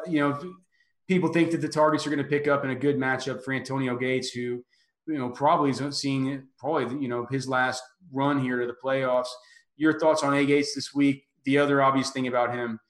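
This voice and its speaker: A man hosting a casual sports podcast, talking in a halting way with many restarts. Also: medium pitch, roomy sound. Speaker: podcast host.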